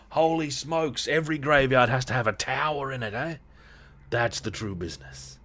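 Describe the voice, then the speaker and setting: A man's voice: mid-range voice, moderate pace, a bit bright. A man streaming a game live, reading the story aloud with playful joking asides.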